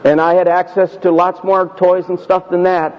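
A male pastor telling a personal story in a sermon, conversational and self-deprecating, slowing down for emphasis. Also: sits high, little pitch movement. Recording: dull audio with long hall reverb.

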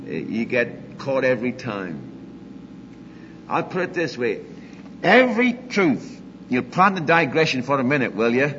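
An older man preaching a sermon, emphatic, moving between loud declarations and quiet asides. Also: medium pitch, big-room sound, dull audio, a little hiss or hum.

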